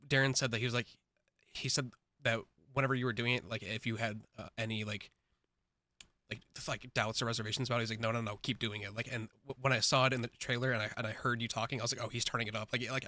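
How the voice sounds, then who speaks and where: A man's voice: mid-range voice, fairly even intonation, fast talker, bright, forceful tone. A man interviewing an actor, asking eager, rambling questions in a casual way.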